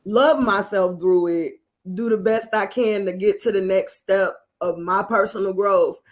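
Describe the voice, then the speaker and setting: A woman's voice: mid-range voice, a little slow. A woman singer and actress, a guest on a live-stream interview, telling her story in an earnest, reflective way.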